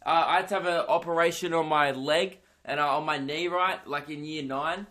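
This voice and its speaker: Brief: young male comedian, solo podcast monologue, rambling, swears a lot, slightly high-pitched. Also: moderate pace. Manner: rambling, animated storytelling with frequent swearing and filler words.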